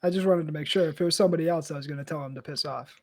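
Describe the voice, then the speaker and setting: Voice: medium pitch, rapid-fire, a little mellow. A player in a tabletop game who talks playfully and laughs often. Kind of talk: casual tabletop play.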